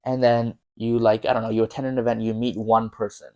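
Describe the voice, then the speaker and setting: A man's voice: mid-range voice, level tone, a little fast, mellow. A young man from Canada, a podcast guest, chatting casually and rambling with frequent laughs. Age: young adult. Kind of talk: casual chat.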